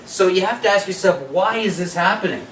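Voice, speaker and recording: Guy running a health workshop, bit high voice, roomy echo, mic kinda far off. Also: brisk, slight background noise. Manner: lively, asks audience questions. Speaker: workshop presenter. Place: workshop room. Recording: echoey room, distant mic.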